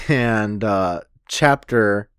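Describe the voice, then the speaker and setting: A man's voice: lowish voice, drawn-out words, a bit bright, smooth, no echo, clean studio sound. A man co-hosting a fan podcast, joking around, laughing often and swearing casually. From Swiss. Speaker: podcast co-host.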